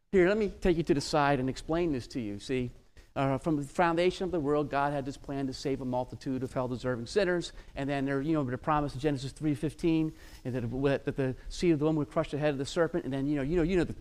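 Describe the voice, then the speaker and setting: A preacher voicing Jesus as a calm grown man who patiently and hurriedly over-explains his mission in a lecturing tone. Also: fairly high pitch, fairly quick, pitched below the performer's own voice, lightly acted. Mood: patient, explaining.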